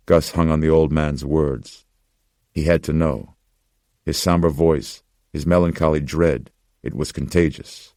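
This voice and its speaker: Man, horror audiobook narration, very deep, dark mellow tone. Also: steady tone, unhurried, no room sound, clean studio sound.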